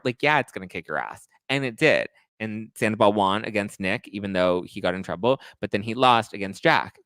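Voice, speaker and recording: A man's voice: on the low side, a bit bright, dry recording. A male host recapping reality TV gossip in a casual, crude, playful way. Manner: gossipy, crude, playful, breaks into song snippets.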